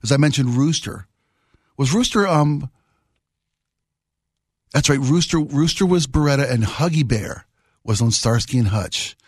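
A middle-aged man talks on the radio in a loose, rambling way, piling up half-finished thoughts with real enthusiasm. His voice has a slightly husky edge. It is close-miked and dry, with no room sound. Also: mid-range voice, expressive, unhurried, long pauses, no room sound. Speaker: radio host. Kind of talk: casual radio chat. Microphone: studio microphone.

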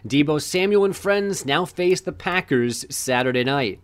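A man reads sports headlines on a talk show in a somewhat high voice. He is brisk and wry, with dry jokes between the scores. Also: lively intonation. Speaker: sports news anchor.

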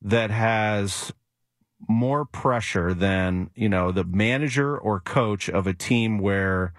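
A man's voice: fairly low pitch, slow, no room sound, clean studio sound. A man, a sports reporter, telling stories in casual talk, acting out the quotes he recounts. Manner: animated storyteller who acts out quotes. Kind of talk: casual radio talk storytelling.

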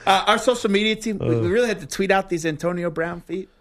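A man co-hosting a sports radio show, tossing in quick joking remarks. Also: sits high, a bit bright. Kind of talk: casual sports radio banter.

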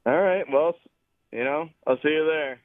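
A man's voice: on the high side, moderate pace, dry recording. A man calling in to a sports radio show, confident and chatty, laughing easily. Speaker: caller. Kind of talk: call-in sports chat. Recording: tinny phone line.

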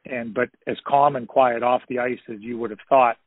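Husky man on a tinny phone line. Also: medium pitch, steady tone, moderate pace, no room sound. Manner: rambling, many "you know" fillers, anecdotal. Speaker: former pro hockey player, guest. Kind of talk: casual storytelling interview.

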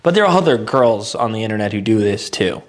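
A man co-hosting a podcast in casual chat, animated and prone to mimicking voices. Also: lowish voice, brisk. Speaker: podcast co-host.

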